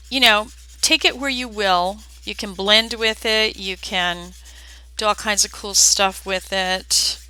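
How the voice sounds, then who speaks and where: Here the Southern-accented art instructor leads a live painting lesson, her mid-range voice bright and forceful. She chats folksily and directly with her viewers, though the recording quality is low.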